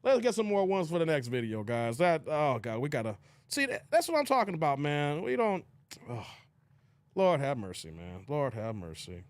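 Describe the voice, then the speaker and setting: Man, high voice, dry close sound, animated livestream host, exclamatory chat. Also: normal speed, dry recording. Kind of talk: casual reaction livestream chat.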